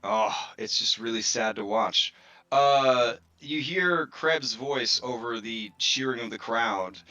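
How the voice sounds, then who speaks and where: A man narrating as game master of a tabletop game in a relaxed way, with fillers. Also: mid-range voice, slow pace, dull audio.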